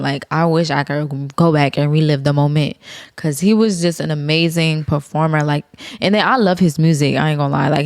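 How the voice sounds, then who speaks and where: Low gravelly young woman podcaster. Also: darkish tone, dry recording, studio quality. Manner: slangy, profane, chatty, addresses listeners as y'all. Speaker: podcast host. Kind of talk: casual solo podcast chat.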